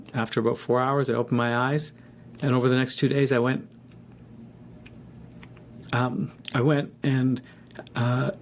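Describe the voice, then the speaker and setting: A man's voice: medium pitch, a little hiss or hum. Man in his fifties telling a personal story. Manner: reflective, halting with restarts and fillers.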